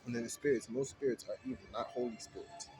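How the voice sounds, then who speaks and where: A man hosting a Bible study, reading verses aloud slowly and then explaining them in casual street talk. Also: mid-range voice, over music, rough recording.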